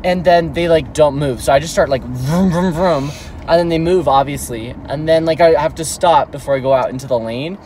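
A woman's voice: deep voice, brisk, hardly any pauses, darkish tone. A young woman in a car, chatting casually and ranting with lots of swearing on a vlog. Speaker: vlog co-host. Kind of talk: casual chat. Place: inside a car. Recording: noisy car interior with traffic.

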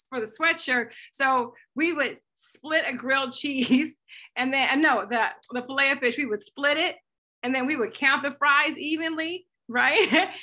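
Energetic woman coach; high, bright voice on a live call. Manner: energetic, animated, chatty. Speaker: fitness coach.

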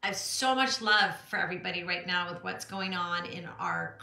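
Middle-aged woman, art teacher hosting a phone live stream from home, bright chatty voice, echoey room. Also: fairly low pitch, fairly even intonation, normal speed, gravelly. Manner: bubbly and chatty, greets viewers by name, laughs often. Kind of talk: casual live-stream chat. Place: home art studio, indoors. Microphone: phone camera.

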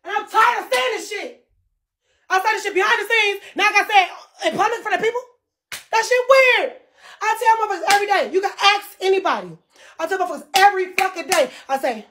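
Woman streamer, very high voice, heated profane live rant. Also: fast, pushed and bright. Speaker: livestreamer. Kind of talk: livestream rant.

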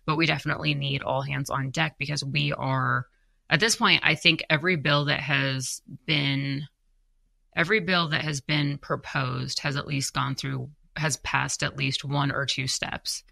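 A woman's voice: rumbling low, steady tone, unhurried, gravelly, sharp tone, no room sound. A young woman co-hosting a podcast, chatting and reading viewer comments, tired and self-deprecating, often laughing. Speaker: podcast co-host.

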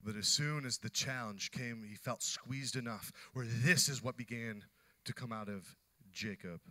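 Male pastor, bright and animated, acts out characters mid-sermon. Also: mid-range voice, normal speed.

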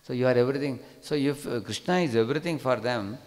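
A man's voice: mid-range voice, quick pace. A man with an Indian English accent teaching a scripture class, talking conversationally and often asking "correct, no?". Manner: conversational, frequent tag questions. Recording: hall reverb.

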